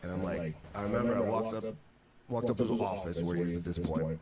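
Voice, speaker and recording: A man's voice: sits low, quick pace, a little mellow. A man, a guest in an interview, telling an anecdote in a wry, exasperated way. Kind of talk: storytelling anecdote. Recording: echoey distant replay from a stream.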